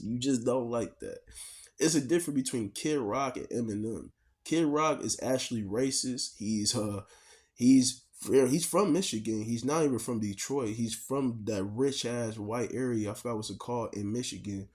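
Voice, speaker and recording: A man co-hosting a reaction video, talking in an animated, rambling and profane way. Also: mid-range voice, a little slow. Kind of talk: casual reaction chat.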